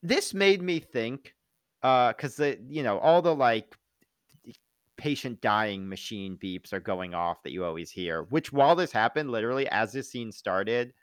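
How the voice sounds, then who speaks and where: A man's voice: mid-range voice, animated, a little slow, smooth, dry recording, clean studio sound. A man in casual podcast chat, rambling with many fillers and restarts. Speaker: podcast co-host.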